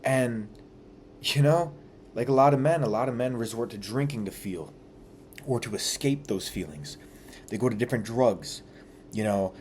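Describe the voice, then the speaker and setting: A young man with a fairly low, mellow voice speaks in a candid personal reflection. He is earnest and confessional, and he slips into casual slang and the odd curse as he opens up. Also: a little hiss or hum. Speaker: vlogger.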